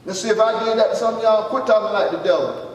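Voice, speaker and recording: A man's voice: high-pitched, fast talker, far from the mic. A man preaching a sermon as pastor, emphatic and conversational, calling out to the congregation. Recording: echoey hall, mic from afar, faint noise.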